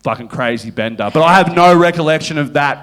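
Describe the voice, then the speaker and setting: A man, a guest comedian, telling a rambling, profane anecdote on a live comedy podcast and slipping into quick voiced quotes of other people. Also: a little high, fairly bright tone, slight background noise.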